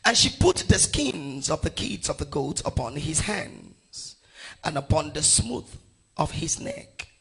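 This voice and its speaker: A middle-aged man from Nigeria preaching, reading scripture aloud with his congregation. His voice is gravelly and husky, with bright, forceful edges. He swings widely in pitch, calling out verses and rising to shouts. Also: big pitch swings, unhurried. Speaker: pastor.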